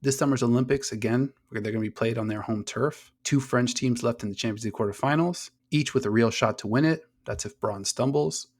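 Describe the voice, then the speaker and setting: A man's voice: medium pitch, a little fast, hardly any pauses. An American man hosts a casual sports podcast with real energy. He rattles through the match, curses freely and laughs between points, in the loose rhythm of an unscripted chat. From United States. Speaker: podcast host.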